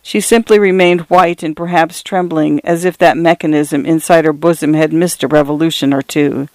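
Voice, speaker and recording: A man narrating literary fiction in a measured first-person reading. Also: on the high side, steady tone, no echo. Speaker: audiobook narrator.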